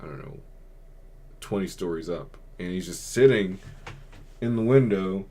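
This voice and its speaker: A man's voice: low-pitched, a little slow, warm tone. A young man hosting a podcast, telling a personal story in a rambling, subdued way, full of filler words. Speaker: podcast host. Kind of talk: casual storytelling.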